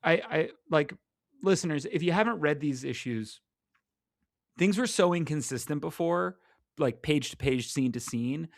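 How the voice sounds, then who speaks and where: A man co-hosting a casual podcast, rambling and halting with heavy use of "like". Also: on the high side, expressive, vocal fry, no room sound, studio quality. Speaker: podcast co-host. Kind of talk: casual chat about comics.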